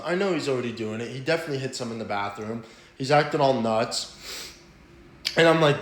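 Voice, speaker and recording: A man's voice: mid-range voice, a little fast, long pauses. Profane young man rambling through a story. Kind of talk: casual storytime. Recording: roomy echo.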